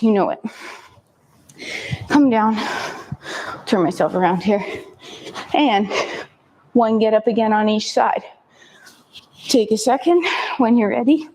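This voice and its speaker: A woman fitness instructor calmly cueing a kettlebell workout with short step-by-step commands, breathing hard between sets. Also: a little high.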